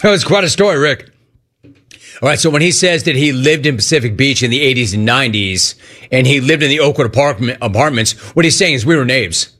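A man's voice: medium pitch, brisk, pushed and bright. A man hosting a radio call-in show, brash and riffing, repeating his catchphrases as he takes callers. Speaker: radio talk show host. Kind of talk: sports talk radio, taking calls.

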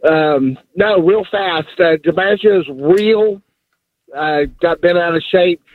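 A man phoning in to a sports show, his voice a touch high and thin. He rambles and stalls with fillers. It comes through a dry, tinny phone line. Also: no echo. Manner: rambling, halting, many fillers. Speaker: caller. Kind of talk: phone-in chat. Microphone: telephone.

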